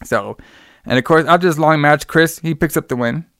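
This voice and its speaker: A male podcast host tells stories in casual chat, animated and loose with his language. His voice is smooth and a bit high. The recording is dry and close. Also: moderate pace, no echo. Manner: animated storytelling, swears freely.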